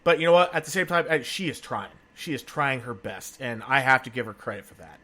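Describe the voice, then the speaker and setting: A man hosting a conversational interview podcast, talking in an empathetic, expressive way. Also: medium pitch, brisk. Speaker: podcast host.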